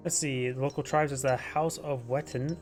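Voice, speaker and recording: A man's voice: medium pitch, fairly even intonation, moderate pace, music in the background. A man casually commentating a strategy game replay, rambling and tripping over unit names.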